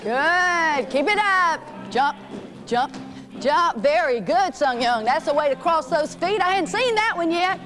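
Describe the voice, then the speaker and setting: Upbeat high-voiced woman coaching kids. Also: lively intonation, measured pace, over music. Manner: encouraging, calls out names and commands. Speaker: physical education teacher. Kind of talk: coaching a children's fitness class.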